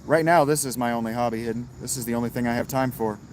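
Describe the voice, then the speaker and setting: A man's voice: mid-range voice, fast talker, slight background noise, rough recording. A man hosting a casual livestream, answering viewers in chat with a laid-back, wry manner and some swearing. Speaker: livestream host reading chat.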